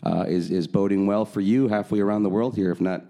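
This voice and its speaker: A man co-hosts a casual podcast in a fairly low, warm voice, speaking fairly quickly with fairly even intonation. His talk is loose and conversational, full of fillers, and he laughs easily.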